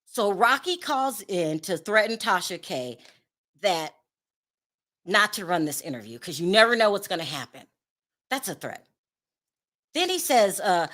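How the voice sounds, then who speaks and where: A woman's voice: medium pitch, sing-song, a little slow, pauses often, fairly bright tone. A woman hosting a celebrity gossip show in casual commentary, blunt, sassy and dismissive.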